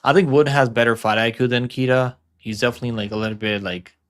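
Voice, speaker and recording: A young man hosting a livestream, casually talking through fight picks, cursing often and second-guessing himself out loud. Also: medium pitch, steady tone, fast talker. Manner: rambling, profane, second-guesses himself aloud. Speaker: MMA livestream host.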